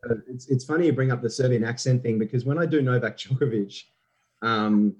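A young adult man, telling a story in a chatty, animated way on a podcast. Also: mid-range voice, brisk, husky. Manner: animated, chatty, many fillers. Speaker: impressionist guest.

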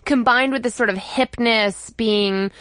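A woman co-hosting a podcast, chatting in an opinionated way with quick asides. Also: fairly high pitch, fairly bright tone, no room sound. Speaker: podcast co-host. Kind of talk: casual chat.

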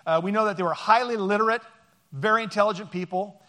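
Chatty high-voiced man preaching. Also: fast talker, sharp tone. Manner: joking, rambling, chatty with many fillers. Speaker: pastor. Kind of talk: conversational sermon.

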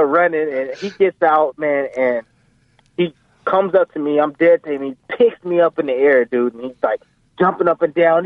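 A man guest telling animated, rambling stories in a casual interview, calling in by phone. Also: fairly high pitch, normal speed, no room sound. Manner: animated, rambling, full of fillers. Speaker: guest, professional boxer. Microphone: phone call. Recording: tinny phone line.

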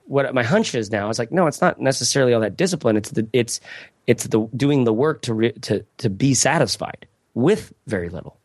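A man's voice: medium pitch, animated, quick pace, no room sound, clean studio sound. A man speaking as a podcast guest in casual conversation, rambling and reflective with many restarts and asides.

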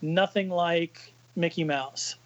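A man with a high-pitched voice talks through a comic book in casual podcast chat, hesitating often along the way. The sound is slightly dull and very dry, close to the mic. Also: fairly bright tone, no echo. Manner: halting, with many fillers. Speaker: podcast co-host reading a comic aloud.

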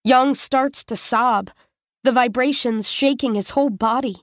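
A woman reading a first-person story aloud in a measured, steady way. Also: on the high side, no echo, clean studio sound. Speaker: audiobook narrator.

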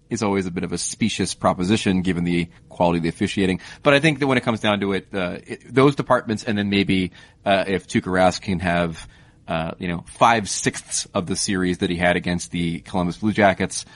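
A man hosting a hockey podcast, talking casually and thoughtfully, with frequent fillers as he builds his points. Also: deep voice. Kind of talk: casual sports chat.

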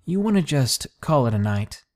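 A man's voice: medium pitch, big pitch swings, moderate pace, darkish tone, faint music behind, close to an everyday voice. A man voicing a pushy, creepy adult man on a late-night date, insistent and coaxing.

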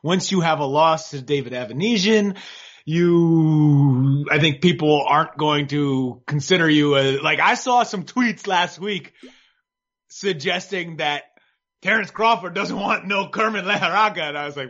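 A man's voice: fairly high pitch, a little slow, fairly bright tone. A man co-hosting a boxing podcast, rambling and joking in casual chat. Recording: dull lo-fi sound.

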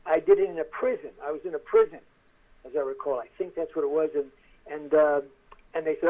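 An older actor, a guest on the show, telling animated anecdotes and acting out the voices of people in them. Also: male voice, fairly high pitch, a little fast, phone-quality sound. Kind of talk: casual storytelling interview.

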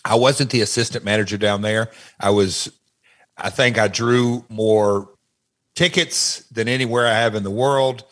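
A man's voice: fairly low pitch, steady tone, measured pace, fairly bright tone. A man talking as a podcast guest, telling stories in a loose, rambling way. He often repeats words and restarts sentences as he goes. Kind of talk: casual interview chat.

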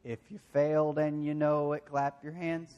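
Self-deprecating Southern preacher. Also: male voice, fairly high pitch, little pitch movement, moderate pace, smooth, muffled recording. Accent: Southern American. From Southern United States. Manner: self-deprecating storytelling, dropping to quiet confessional tones. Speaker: pastor. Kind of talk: sermon.

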